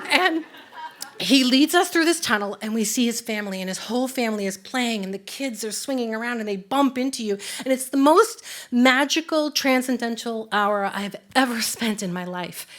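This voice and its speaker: Animated woman telling a live story. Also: fairly high pitch, normal speed, a little hiss or hum. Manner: vivid, animated, swings from hushed to excited.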